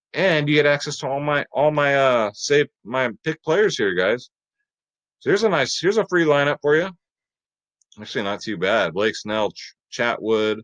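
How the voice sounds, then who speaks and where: A man's voice: mid-range voice, a bit bright. A man hosting a casual fantasy sports picks video, upbeat and chatty, talking straight to his viewers.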